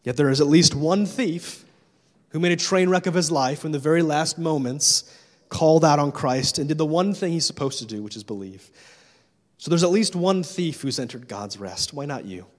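A man's voice: on the high side, normal speed, big-room sound. A man preaching a sermon in a church as pastor, making urgent, repetitive appeals to his listeners.

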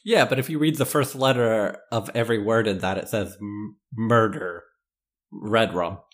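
A man's voice: on the low side, normal speed. A man co-hosting a podcast in casual chat, teasing and laughing often. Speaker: podcast co-host.

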